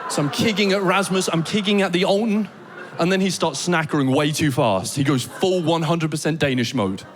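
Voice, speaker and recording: A British man doing a stand-up comedy set on a theater stage, telling animated stories full of comic voices and mock Danish. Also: on the high side, fairly quick, background noise. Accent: British English. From Britain. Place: theater stage before a live audience.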